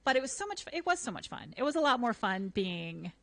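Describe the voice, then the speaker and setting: A woman co-hosting a radio show, chatting casually and telling stories in an animated, rambling way full of fillers. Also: a little high, fast, creaky, no room sound. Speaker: radio co-host. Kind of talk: casual on-air chat. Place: radio studio.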